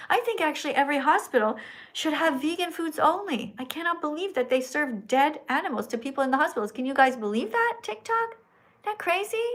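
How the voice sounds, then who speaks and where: Woman livestream host, fairly high voice, animated and coaxing, speaks right to her viewers. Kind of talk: live-stream chat reading donations.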